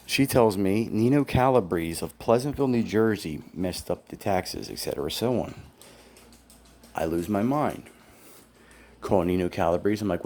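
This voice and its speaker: A man's voice: low voice, normal speed, a little mellow, slight background noise. A man telling his own story in a casual first-person account, aggrieved, blunt and profane, quoting what others said to him. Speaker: former employee telling his grievances.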